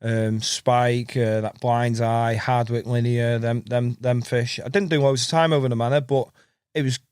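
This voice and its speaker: This podcast guest, a carp angler, tells meandering fishing stories in casual chat, laughing, repeating words, and using "mate" constantly. He has a smooth, darkish, mid-range voice with a level tone and normal speed. There's no echo, and the sound is studio quality.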